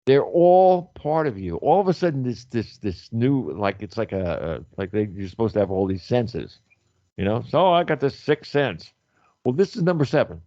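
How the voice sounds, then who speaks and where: A man talking loudly and animatedly on a radio show, telling stories and acting out what others said. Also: mid-range voice, moderate pace, no room sound, muffled recording. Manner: loud, animated storyteller who acts out quotes. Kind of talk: casual radio chat.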